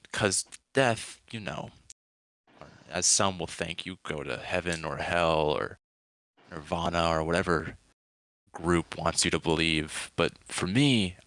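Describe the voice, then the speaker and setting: A man doing a calm, heretical pirate captain. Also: sits low, no room sound. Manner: oddly friendly, slow and deliberate. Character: unsettling male ship captain, calm and heretical.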